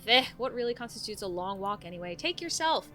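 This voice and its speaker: A sassy, folksy grandmother figure who keeps wheedling to come inside, put on by a woman. She strings together old-fashioned sayings and calls the listener dearie. The tone stays bright and crisp. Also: mid-range voice, animated, fairly quick, faint music behind.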